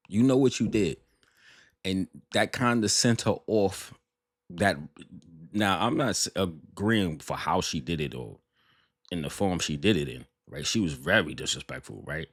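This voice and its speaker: Deep voiced guy doing a reaction vid, blunt n sarcastic, dry close sound. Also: dry recording. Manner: blunt, sarcastic, rambling with many restarts. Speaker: reaction video host. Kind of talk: casual reaction commentary.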